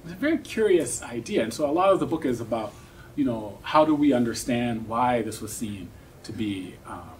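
A man giving an academic seminar talk, explaining in a thoughtful way with many pauses and tag questions. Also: medium pitch, lively intonation. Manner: thoughtful, explanatory, frequent "um" and "right?". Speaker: academic speaker. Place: seminar room. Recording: distant mic with faint noise.

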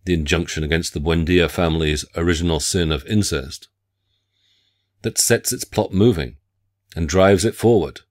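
A man delivering a scripted literature lecture in a measured, formal academic way. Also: deep voice.

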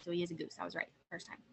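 A young woman reading picture books aloud to children, gentle and chatty, pausing to ask questions. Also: fairly low pitch, steady tone, gravelly, slightly rough, low-quality recording. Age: young adult. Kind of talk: picture-book read-aloud.

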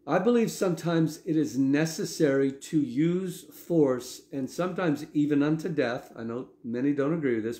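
A man preaching a sermon in a conversational way, often checking in with his listeners with a quick "okay?". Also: fairly high pitch, dark tone, echoey room. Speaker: pastor.

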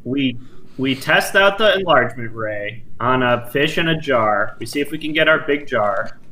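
A man at a tabletop game, relaxed and laying out the group's plan step by step. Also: mid-range voice, moderate pace, a little hiss or hum. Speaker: player. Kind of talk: tabletop role-play chat.

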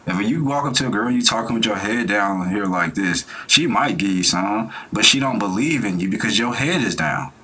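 Forceful husky man lecturing. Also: lowish voice, a little fast, few pauses. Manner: animated, lecturing, blunt slang. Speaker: reaction video host. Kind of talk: casual reaction commentary.

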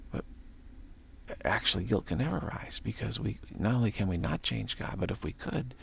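Male spiritual teacher, casual talk; deep, gravelly, very husky voice, musing, repeats himself, outdoors. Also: expressive, moderate pace, a little hiss or hum. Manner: musing, repeats words, acts out quoted voices. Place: outdoors in the evening.

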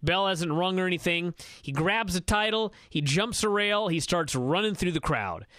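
A man recapping a wrestling match on a radio show, telling it in a quick, excited run with many fillers. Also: sits high, dry recording. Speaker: wrestling analyst.

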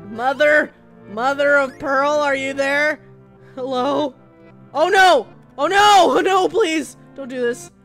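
A woman hosting a let's play, excitable and shrieking at jump scares. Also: sits high, slow, soft background music. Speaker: gaming channel host.

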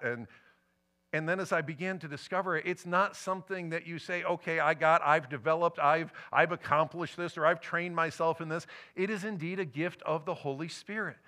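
A middle-aged man preaches from the pulpit of a church. His voice is bright and forceful and sits a little high for a man. He tells a personal story and swings between excited highs and hushed, quiet stretches. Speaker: pastor. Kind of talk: sermon. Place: church sanctuary.

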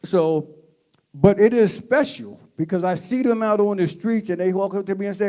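High-voiced, high-energy preaching man. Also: normal speed, mellow. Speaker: guest preacher. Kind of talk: sermon.

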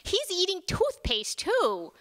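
A man's voice: very high-pitched, wildly swooping pitch, slow pace, sharp tone, pitched above the performer's own voice, exaggerated voice. A woman voicing a laid-back young male hospital orderly with a slangy, easygoing drawl. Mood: amused. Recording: reverberant lecture hall.

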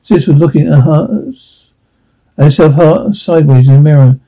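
A man reading a radio play aloud, slow and reflective, with slips and restarts. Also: fairly high pitch, mellow, rough recording. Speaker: reader narrating a radio play. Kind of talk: amateur reading of a radio script.

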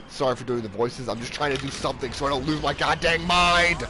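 A man streaming live gameplay commentary into a headset mic, often yelling in frustration and laughing. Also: medium pitch, steady tone, quick pace, hardly any pauses, soft background music, poor audio. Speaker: game streamer.

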